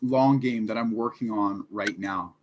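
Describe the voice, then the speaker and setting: Speaking a little slowly in a lowish voice, a man appears as a guest in a casual interview about his fitness business, which he founded. The recording has its highs cut off and a bit of hiss or hum. He comes across as earnest and thoughtful, relying heavily on fillers such as "like" and "you know".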